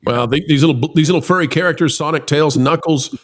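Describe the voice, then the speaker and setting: A man hosting a casual news commentary show, talking in an animated, teasing way and exclaiming often. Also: fairly high pitch, fast. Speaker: show host. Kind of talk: casual political commentary chat.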